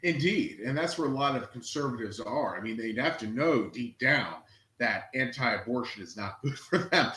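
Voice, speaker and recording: A man's voice: medium pitch, expressive, normal speed, bright, forceful tone, roomy sound, low-quality recording. A man in a casual discussion, talking in a plain, agreeing way.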